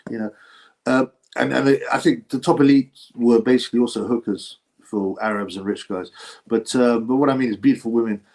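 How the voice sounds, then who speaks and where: A man's voice: mid-range voice, steady tone, brisk, darkish tone. A man hosting a casual livestream about boxing, rambling between topics with many fillers and chuckles. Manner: rambling, chatty, with frequent fillers and laughs. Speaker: boxing channel host.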